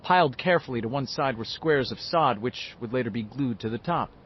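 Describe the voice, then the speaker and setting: Male narrator, lively varied delivery, slightly dull lo-fi audiobook take. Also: medium pitch, brisk, slight background noise. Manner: lively, expressive reading. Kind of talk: scripted narration.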